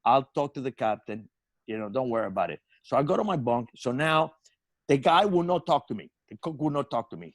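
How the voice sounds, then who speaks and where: A man's voice: mid-range voice, no echo. Older man telling a profane comic story. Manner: animated, profane, frequent restarts. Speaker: comedian.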